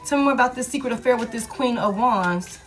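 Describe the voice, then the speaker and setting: A woman's voice: fairly high pitch, fast talker, soft background music. A woman giving a casual tarot reading, speaking in a slangy, emphatic and repetitive way, with frequent swearing. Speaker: tarot reader.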